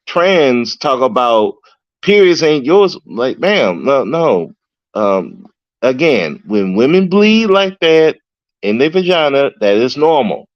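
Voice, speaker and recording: A man's voice: a little high, dry recording. A man hosting a podcast, telling stories from his job as a correctional officer in a casual, profane, slangy ranting style, with lots of fillers and restarts. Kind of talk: casual storytelling rant. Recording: dull lo-fi dry sound.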